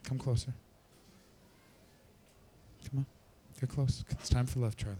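A man's voice: medium pitch, fairly even intonation, a little slow, dark tone, a little hiss or hum. A man doing stand-up crowd work, brash, profane and teasing. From Canada. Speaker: stand-up comedian.

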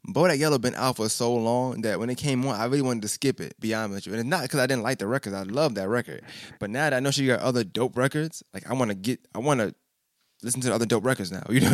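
In this studio-quality clip with no echo, a man with a mid-range voice talks through an album review on his podcast. His delivery is relaxed and slangy, full of stutters and repetition.

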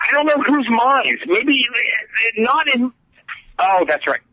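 A man's voice: very high-pitched, sing-song, slow pace, bright, forceful tone, dry recording, highs cut off. A man co-hosting a podcast, bickering and apologizing in exaggerated, defensive comedic banter. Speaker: podcast co-host.

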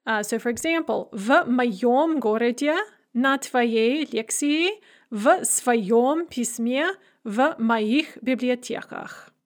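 A woman teaching a grammar lesson, explaining clearly in English and reading out careful Russian examples. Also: a little high, slow pace. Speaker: language teacher.

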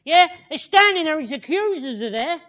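Male preacher, very high pitched, sharp tone; storytelling sermon delivery with repeated lines and call-outs to the room. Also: very animated, moderate pace. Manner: repeats phrases, calls "listen" and "yeah?" to the crowd.

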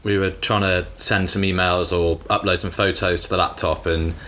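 Young British male co-host, lowish but bright tone, lively casual storyteller, sweary, does quick impressions. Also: slight background noise. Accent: British English. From England. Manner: animated, swearing, mimics people in quotes. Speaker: podcast co-host.

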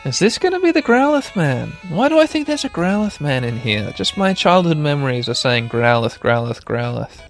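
A man's voice: fairly high pitch, very animated, normal speed, few pauses, soft background music. A man hosting a podcast while playing a video game, chatty and self-mocking, talking straight to his listeners and laughing often. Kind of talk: casual let's-play commentary.

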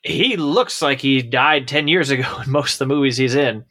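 An easygoing man chats about movies with a co-host, his voice bright and forceful. He drops wry asides in a relaxed, conversational way. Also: medium pitch, normal speed. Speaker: podcast co-host reviewing movies. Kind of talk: casual chat.

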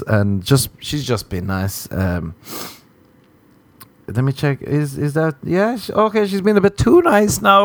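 A young Irish man talks through a loose comic podcast monologue, rambling and mocking himself. His pitch swings widely as he jumps into high, silly voices. The sound is dry and close, with no room around it. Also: no echo. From Ireland. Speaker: podcast host. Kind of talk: casual comedic monologue.

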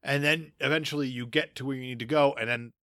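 Opinionated podcast guy, bright punchy voice, dry close sound. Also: mid-range voice, fairly even intonation, fast, dry recording. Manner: opinionated, emphatic, laughs often. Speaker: podcast co-host. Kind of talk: casual movie chat.

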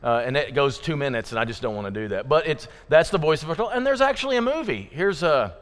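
A man's voice: a little high, sing-song, fast talker. A man preaching a sermon in a folksy, joking, conversational way to his congregation in a church. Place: church sanctuary. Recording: long reverb of a church hall.

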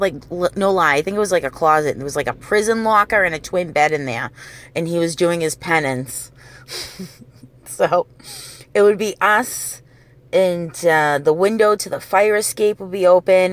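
A woman's voice: fairly low pitch, no echo. Woman in her forties, swears a lot, casual rambling storyteller. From New England. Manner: profane, rambling, goes off on tangents.

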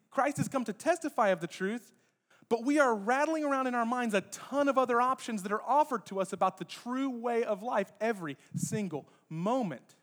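A pastor with a noticeably high voice for a man preaches in a casual, conversational way. He talks straight to the congregation, slipping in playful jokes between points. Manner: lively, joking asides to the congregation. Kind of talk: conversational sermon. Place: church sanctuary.

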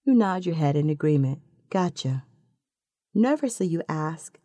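A woman narrating a second-person story in a slow, calm and intimate manner. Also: on the low side, no echo, clean studio sound.

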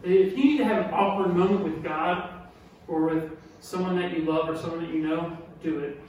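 A man preaching a sermon, animated and emphatic, who repeats key lines and asks his listeners questions. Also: on the high side, normal speed. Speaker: pastor. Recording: echoey hall from far off with faint noise.

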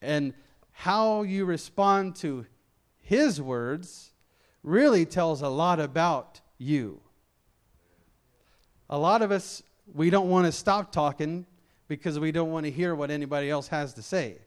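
A middle-aged man from Memphis gives a sermon in a loose, chatty way, often restarting his sentences and poking fun at himself. His voice is smooth and resonant and sits a little high for a man. He carries no regional accent. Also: unhurried. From Memphis, Tennessee. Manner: conversational, self-deprecating, with frequent restarts. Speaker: lay preacher.

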